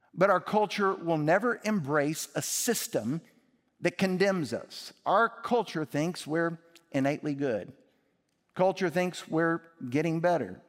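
A male pastor preaching in a church, his voice pitched a little above most men's. He talks emphatically, pushing lines up and then dropping them low. A long reverb trails behind him from the large sanctuary. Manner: emphatic, rising and dropping for effect. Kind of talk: sermon.

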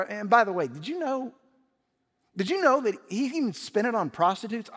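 A man's voice: sits high, expressive, normal speed, fairly bright tone, long reverb tail. A man preaching a sermon as pastor, emphatic and often rising to raised intensity.

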